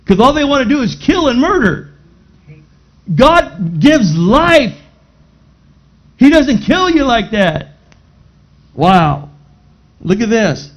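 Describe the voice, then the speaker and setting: Casting: male pastor preaching, high voice, dull lo-fi sound, dramatic swings. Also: big pitch swings, takes it slowly, long pauses. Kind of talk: sermon.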